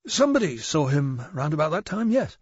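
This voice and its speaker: A man voicing a nervous, hoarse middle-aged male shopkeeper in an audiobook, hesitant and stammering. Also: on the high side, very animated, brisk, no echo, dull audio, voice pushed up. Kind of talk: audiobook character voice.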